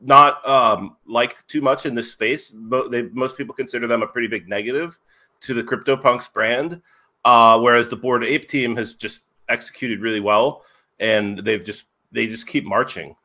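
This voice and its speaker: Co-host, a man with a bright voice, talking a listener through his reasoning. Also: medium pitch, fairly even intonation, normal speed. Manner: explanatory, thinking aloud with fillers. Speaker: podcast co-host. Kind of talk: casual chat.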